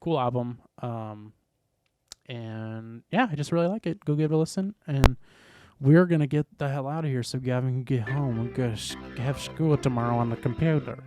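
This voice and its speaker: A man's voice: medium pitch, moderate pace, music in the background. A young man co-hosting a podcast, talking casually and rambling with a lot of filler words. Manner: rambling, heavy use of "like". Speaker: podcast co-host. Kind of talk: casual chat.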